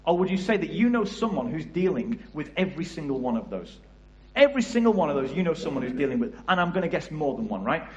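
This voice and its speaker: A man's voice: on the high side, sing-song, fast talker, a little mellow, roomy sound, muffled recording. A man with a Liverpool area English accent giving a passionate church talk about youth work, often asking the audience questions. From England. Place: church hall.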